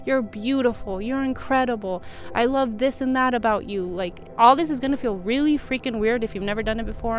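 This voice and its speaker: A young woman in a casual vlog, talking gently and reflectively about kindness to herself, with soothing asides. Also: mid-range voice. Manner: gentle, reflective, soothing when quoting self-talk. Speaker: vlogger. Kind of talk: casual self-help talk to camera.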